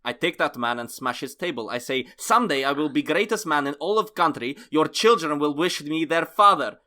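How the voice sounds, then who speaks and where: A man's voice: expressive, fairly quick, sharp tone. A man putting on a boastful mock-Russian writer. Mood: angry. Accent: mock Russian accent. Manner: grandiose, rolling R's, booming laughs. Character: boastful male Russian immigrant writer, comically broken English.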